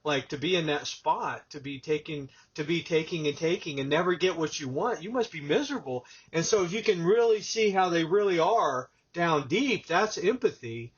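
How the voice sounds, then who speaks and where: Husky-voiced man telling animated stories. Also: a little high, normal speed, few pauses. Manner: animated storyteller, acts out quotes. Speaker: podcast host. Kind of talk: casual conversation. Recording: dull lo-fi audio.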